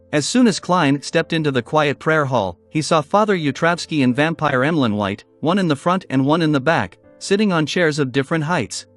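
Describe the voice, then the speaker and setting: Man narrating with a lively pitch. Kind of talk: audiobook narration of a fantasy novel.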